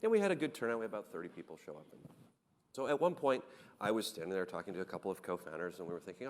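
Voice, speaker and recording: A man on a conference panel, telling anecdotes in an animated way with many restarts. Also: deep voice, very fast, big-room sound, slight background noise. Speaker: panel guest, startup founder.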